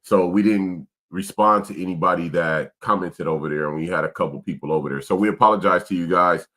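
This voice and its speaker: Low-voiced man, passionate and profane. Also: a little fast, a bit bright. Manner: laughs often. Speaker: co-host of a couple's livestream. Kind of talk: casual livestream chat.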